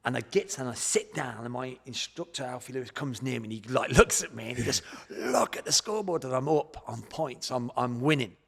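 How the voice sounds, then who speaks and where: A man in his forties with an English accent speaks at a medium pitch, recounting his story with animated bursts of feeling. His voice carries a long hall reverb around it. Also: brisk, vocal fry, few pauses. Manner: animated storyteller, acts out his own past thoughts. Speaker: guest, martial arts champion. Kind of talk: storytelling podcast interview.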